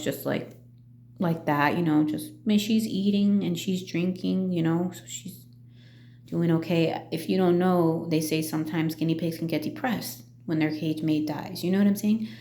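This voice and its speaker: Middle-aged woman vlogger, hesitant and full of fillers; warm dark tone, roomy recording. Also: deep voice, slight background noise. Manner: halting, full of fillers and restarts. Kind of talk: casual personal vlog.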